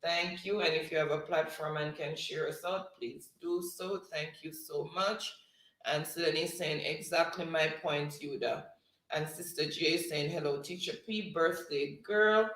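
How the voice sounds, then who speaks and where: Slow-talking woman hosting a livestream. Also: low-pitched, steady tone. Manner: warm thanks, slow word-by-word calling of spelling words. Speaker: livestream host. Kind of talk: reading live chat and hosting a spelling game. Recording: roomy echo.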